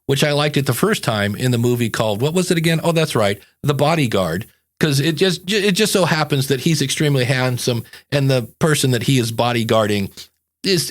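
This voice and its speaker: A man hosting a podcast, chatting casually and telling a rambling story, acting out little asides as he goes. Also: medium pitch. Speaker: podcast coach and host. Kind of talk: casual chat.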